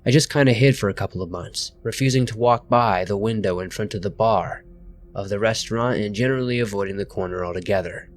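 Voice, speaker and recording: A man reading first-person horror stories aloud as scripted narration, at a steady pace. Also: on the low side, quick pace, soft background music.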